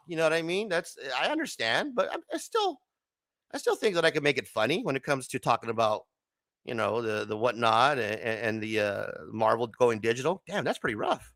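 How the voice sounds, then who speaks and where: Male livestream host with a bright, high, very animated voice that swings up and down a lot. He keeps it casual and joking, laughs often and swears freely. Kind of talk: casual late-night livestream chat.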